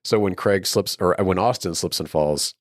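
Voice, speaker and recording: A man's voice: deep voice, moderate pace, no echo, studio quality. A young adult man co-hosting a film podcast, retelling scenes in casual chat and jumping into raised voices for the characters. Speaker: podcast co-host.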